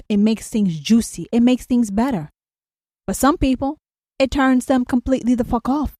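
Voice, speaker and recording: A fairly high-pitched woman hosting a solo podcast in a dry, close recording. She speaks bluntly and profanely and keeps hammering her points with questions. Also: mellow, dry recording. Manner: blunt, profane and emphatic, with repeated rhetorical questions. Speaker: podcast host.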